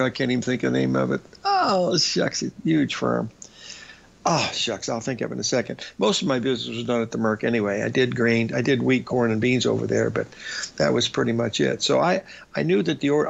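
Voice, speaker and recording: Older man, gravelly voice, rambling stories. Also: mid-range voice, lo-fi sound. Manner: rambling anecdotal storytelling with fillers. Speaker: radio show host. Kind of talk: storytelling on a radio show.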